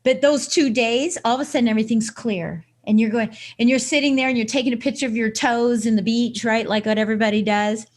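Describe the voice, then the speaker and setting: A woman's voice: a little high, a little fast, few pauses. A woman guest on a podcast, a coach explaining her ideas and acting out scenarios with quoted self-talk. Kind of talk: casual interview chat.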